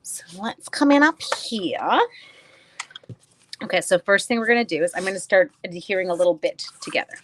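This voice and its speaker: A woman's voice: medium pitch, lively intonation, normal speed, a bit bright. Chatty woman teaching a craft class live. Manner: chatty, greets viewers by name, self-deprecating asides; rambling storyteller mid-task. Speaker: card-making instructor. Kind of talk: casual live-stream craft tutorial.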